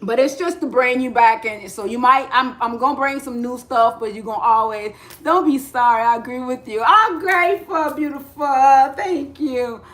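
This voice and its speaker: A woman's voice: sits high, moderate pace, few pauses, fairly bright tone. A woman hosting a casual live spiritual talk, slangy and repetitive, often breaking into laughter as she addresses her chat. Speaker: spiritual livestream host.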